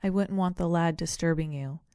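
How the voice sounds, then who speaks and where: A woman doing a homely ghost mother's warm country voice. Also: lowish voice, normal speed, clear, resonant tone, no room sound, clean studio sound, lightly acted. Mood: doubtful. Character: kindly old-fashioned ghost mother, fussing and homely.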